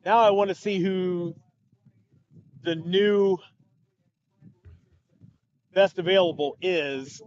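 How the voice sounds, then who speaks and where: Chatty male co-host, higher pitch, relaxed live-stream banter over muffled audio. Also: slow, long pauses. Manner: chatty, reads out viewer comments. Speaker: podcast co-host. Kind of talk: casual live draft chat.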